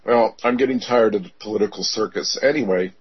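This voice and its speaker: A man speaking on a call-in radio show, halting and self-deprecating as he asks questions. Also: on the low side, husky, muffled recording.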